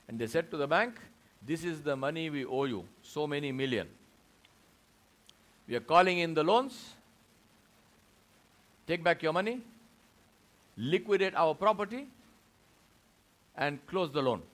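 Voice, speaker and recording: A man's voice: a little high, a little slow, long pauses. A man giving a Friday sermon in a mosque, telling a story and acting out the voices of its people. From India. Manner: animated storyteller who acts out the voices of people in his story.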